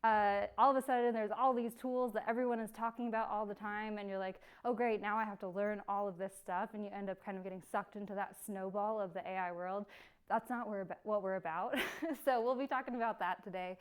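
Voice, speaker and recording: A woman's voice: medium pitch, fairly even intonation, brisk, clean tone. A young woman giving a casual live workshop, chatty and bubbly, laughing often. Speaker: workshop presenter.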